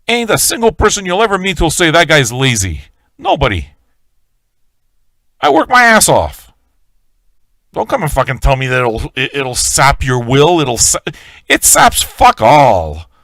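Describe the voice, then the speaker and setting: A man's voice: on the high side, big pitch swings, a little slow, pauses often, fairly bright tone, no room sound. A man hosting a live-stream radio show, ranting in a swaggering, profane way and talking straight to his viewers. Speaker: livestream radio host.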